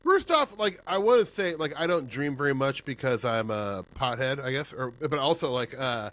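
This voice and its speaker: A man's voice: mid-range voice, lively intonation, moderate pace, a bit bright. A man hosting a podcast, chatting in a laid-back, easygoing way. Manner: laid-back, reacts with gasps and laughter. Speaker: podcast host. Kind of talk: casual chat.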